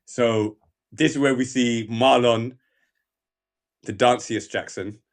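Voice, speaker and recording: A young man hosts a casual podcast chat. He tells stories with lively swings in his voice and drops into quoted lines as he goes. His pitch sits in a middle range for a man. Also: takes it slowly. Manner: animated storyteller, acts out quoted lines. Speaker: podcast host.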